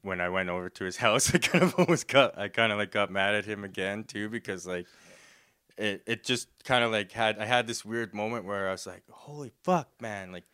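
Young guy rambling thru a story, laughs a lot, bright clear voice. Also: fairly low pitch, brisk. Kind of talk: casual chat.

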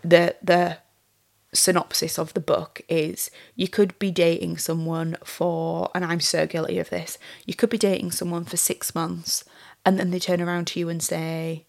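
A woman's voice: lowish voice, little pitch movement, normal speed, vocal fry. A young woman hosting a solo podcast, talking candidly and casually with plenty of fillers and swearing. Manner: candid, chatty, swears freely, many "like" fillers. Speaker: podcast host.

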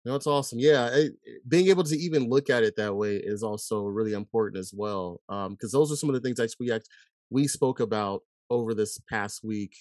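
A man's voice: on the low side, brisk, darkish tone, dry recording, clean studio sound. A man hosting an educational podcast, talking in a reflective, casual way with many filler words. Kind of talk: casual conversational interview.

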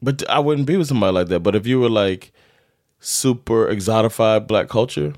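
A man from Miami co-hosting a podcast in casual chat, telling stories with lots of laughter and jumping high when quoting others. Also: a little fast, dry recording, clean studio sound. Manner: animated storyteller, jumps high when quoting people, laughs often. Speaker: podcast co-host.

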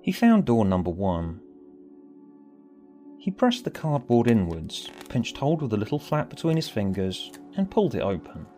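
Expressive man narrating a story. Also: medium pitch, normal speed, soft background music. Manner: expressive, swinging between bright and hushed. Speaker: author and narrator.

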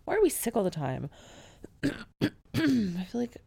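A woman's voice: mid-range voice, wildly swooping pitch, measured pace, gravelly, warm tone, slightly rough. A woman hosting a podcast, reading listener emails aloud and keeps breaking into laughter. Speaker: podcast host.

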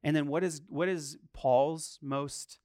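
A man's voice: fairly high pitch, steady tone, slow pace, a little mellow, dry recording, studio quality. A man preaching a sermon as a pastor, telling stories, asking rhetorical questions and acting out the voices he quotes.

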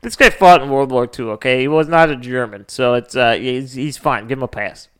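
A man with a smooth, clear, mid-pitched voice banters on a podcast. He reacts with teasing, sarcastic jokes. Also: steady tone, fairly quick. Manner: joking, playfully sarcastic reactions. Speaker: podcast co-host.

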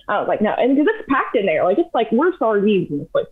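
A young adult woman telling a long story in casual, animated chat, full of fillers. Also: medium pitch, fast talker, few pauses, breathy edge. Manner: chatty, animated, heavy use of "like". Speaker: podcast guest. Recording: tinny phone-like audio.

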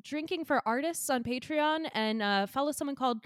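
Higher-voiced woman, dry close podcast mic. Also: a little fast, no echo. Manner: gently teasing, supportive, reads recipes crisply. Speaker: co-host. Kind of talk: casual comedic podcast chat.

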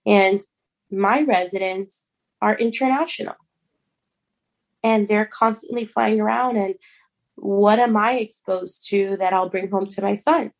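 A young woman who is a mother, telling a personal story in an earnest, halting way, often restarting words. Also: medium pitch. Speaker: guest.

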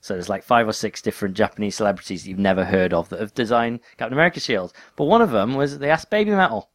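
A man's voice: fairly low pitch, lively intonation, quick pace, dry recording, clean studio sound. A man co-hosting a casual chat, eagerly bringing up topics and teasing the others. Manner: enthusiastic, teasing, leads the topics. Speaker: podcast co-host.

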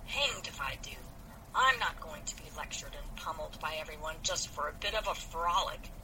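A woman's voice: sits low, animated, moderate pace, vocal fry, bright, forceful tone, slight background noise, heavily acted, low-quality recording. A woman reading aloud as a hot-tempered teenage boy, sounding defiant and indignant.

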